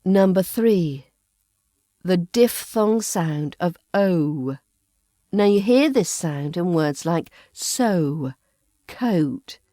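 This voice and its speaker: A woman with a polished RP British accent presents a pronunciation lesson on her podcast. Her voice sits a little low and moves at an unhurried pace, with every sound carefully articulated. The recording is dry and close, with no room echo. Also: dark tone. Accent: RP British English. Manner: careful, precise enunciation. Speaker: accent coach and podcast host.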